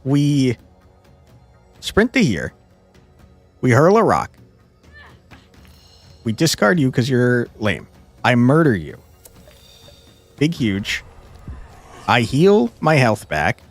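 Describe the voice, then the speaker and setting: Male streamer, lively swooping voice, frustrated and profane, faint game music behind. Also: mid-range voice, takes it slowly, pauses often, no room sound. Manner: exasperated, swearing, laughing often. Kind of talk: casual gameplay commentary.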